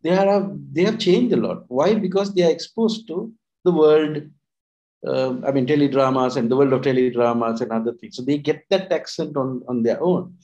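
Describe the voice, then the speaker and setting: A man's voice: on the high side, normal speed, dark tone, dull audio. A man co-hosting an English-learning talk from Sri Lanka, chatting casually and rambling with many restarts and fillers. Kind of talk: casual teaching chat.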